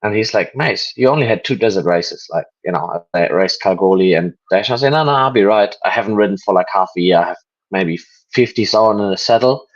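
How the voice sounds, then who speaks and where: A man's voice: on the low side, fairly quick, muffled recording. A German man, a guest in a casual interview, telling rambling stories with many ums and restarts.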